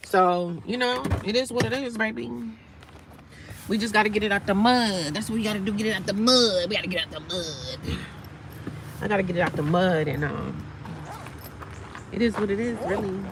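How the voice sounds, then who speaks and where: A woman in her forties chats on a live phone stream outdoors, talking straight to her viewers and answering their comments. Traffic noise carries clearly behind her. Her voice sits at an ordinary middle pitch. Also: normal speed, pauses often. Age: 40s. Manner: chatty, reads and answers viewer comments aloud. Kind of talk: casual live-stream chat. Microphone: phone on a tripod.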